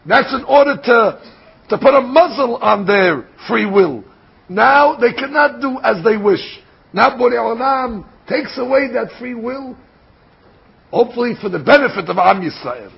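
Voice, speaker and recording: An older man giving a Torah lecture, speaking in a deliberate, explanatory way and posing rhetorical questions before answering them. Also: very high-pitched, expressive, gravelly, breathy edge. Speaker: Torah teacher. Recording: dull lo-fi recording.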